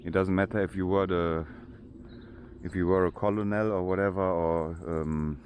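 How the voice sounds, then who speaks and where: A German-accented man talks his way through an outdoor walk, his voice very deep and flat with little rise and fall. He stops and restarts often while he hunts for the right English words, and a faint outdoor hush sits under his voice. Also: slight background noise. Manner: halting, searching for English words, many restarts. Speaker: vlogger. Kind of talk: casual walking tour narration. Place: outdoor cemetery.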